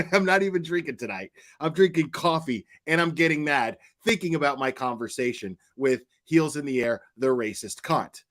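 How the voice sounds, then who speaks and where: A man's voice: on the high side, lively intonation, normal speed, a bit bright. A man giving angry reaction commentary, swearing often and stumbling over his words when he gets worked up. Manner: heated, profane, stammering when worked up. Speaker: commentary streamer.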